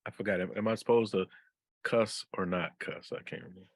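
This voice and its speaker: A man's voice: fairly low pitch, fairly even intonation, brisk, dry recording. A man co-hosting a podcast, playful and teasing as he chats. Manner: playful, teasing, bursts of laughter. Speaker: podcast co-host. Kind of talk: casual chat.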